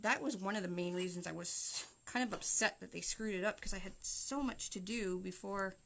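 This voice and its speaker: Bright chatty Canadian woman crafter. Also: mid-range voice, moderate pace, vocal fry, a little hiss or hum. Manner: chatty, talks to viewers while working. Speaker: wreath-making livestream host. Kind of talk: casual live crafting tutorial.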